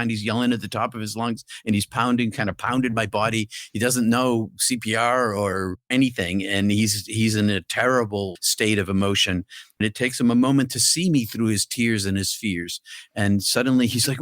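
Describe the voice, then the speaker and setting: A man's voice: on the low side, normal speed, no echo, studio quality. A man, a podcast guest, earnestly telling a vivid personal story in a casual talk.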